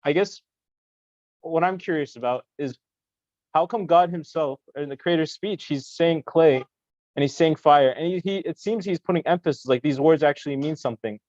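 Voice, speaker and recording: A man's voice: fairly high pitch, moderate pace, darkish tone, dry recording, dull audio. A young man in a study discussion, thinking aloud in a searching way with many restarts. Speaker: student in a study session.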